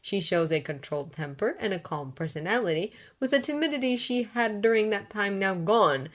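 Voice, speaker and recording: A woman narrating fanfiction aloud in a steady, unhurried reading voice. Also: mid-range voice.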